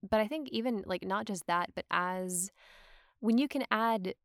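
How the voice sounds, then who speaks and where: Young woman voice actor rambling on a podcast, lots of "like", raspy fry, dry mic. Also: medium pitch, moderate pace, fairly bright tone, no echo. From Georgia, USA. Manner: chatty, rambling, frequent "like", laughs often. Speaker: voice actor guest. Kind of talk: casual podcast conversation.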